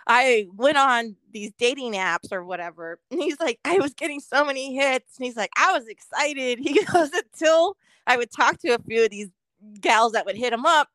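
A woman's voice: high-pitched, expressive, moderate pace, fairly bright tone, dry recording, low-quality recording. A woman in her forties co-hosting a podcast, joking playfully and swearing, with frequent laughter. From American. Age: 40s. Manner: laughs often, profane and playful. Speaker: podcast co-host. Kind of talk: casual chat.

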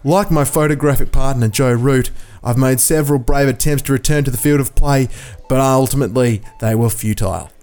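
This is a man doing an impression of his sick male co-host. The voice stays dry and mock-solemn while it reads out a comic letter. The pitch sits in an ordinary middle range. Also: a little fast, a little mellow, lightly acted. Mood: wry, mock-solemn. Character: ailing young male co-host writing a wry letter. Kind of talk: reading a comic letter aloud.

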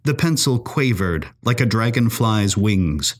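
Slow, expressive male storyteller. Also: on the low side. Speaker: narrator. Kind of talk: scripted story narration.

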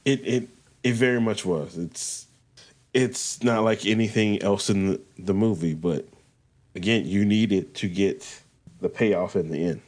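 A man co-hosting a podcast with a fairly low voice, chatting casually. He talks haltingly, working his thoughts out as he goes and often restarting sentences. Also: darkish tone. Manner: halting, thinks aloud with many restarts. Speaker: podcast co-host. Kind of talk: casual chat.

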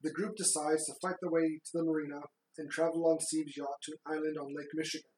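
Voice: medium pitch, level tone, fast talker, a little mellow. Co-host running thru the plot, um-ing a bit, roomy echo. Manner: plain summarizing with fillers and restarts. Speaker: podcast co-host. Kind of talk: casual movie recap chat.

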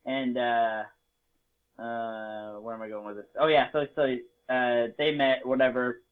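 A man's voice: medium pitch, flat delivery, unhurried, smooth. Profane, jokey man on a tinny line. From Las Vegas, United States. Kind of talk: casual storytelling chat. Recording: tinny phone-like sound.

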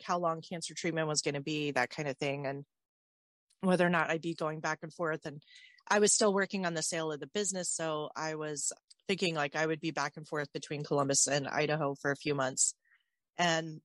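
A woman's voice: on the low side, no echo. Woman telling a personal story, dry close mic. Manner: emotional, animated retelling with quoted dialogue. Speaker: guest telling her story. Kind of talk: candid storytelling on a talk show.

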